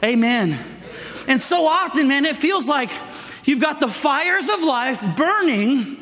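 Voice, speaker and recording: Out-of-breath preacher in a big hall. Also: male voice, very high-pitched, slow pace. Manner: energetic, calls for amens, asks "right?". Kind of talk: sermon to men. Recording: echoey hall with long reverb.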